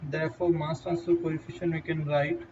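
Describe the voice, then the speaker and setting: A man with an Indian English accent giving a halting whiteboard lecture, with fillers and restarts. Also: on the high side, little pitch movement, a little mellow. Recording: distant, dull lo-fi mic with faint noise.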